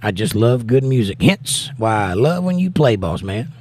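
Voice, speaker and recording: A man's voice: medium pitch, sing-song, moderate pace, a little mellow. Tired, laid-back middle-aged man streaming. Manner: laid-back, wry, reads comments out and answers them. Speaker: livestream host. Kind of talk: casual live-stream chat, reading viewer comments aloud.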